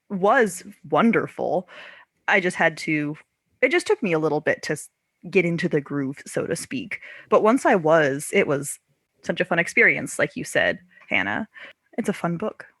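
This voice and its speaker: Woman podcast host, low and animated, dry close sound, laughs a lot while chatting about books. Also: measured pace, no room sound. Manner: laughs often, self-correcting. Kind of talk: casual book discussion.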